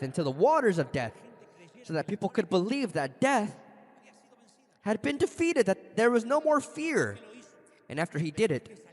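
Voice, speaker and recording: A male pastor preaching a sermon, telling stories dramatically with sudden leaps in pitch. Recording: long reverb of a large hall.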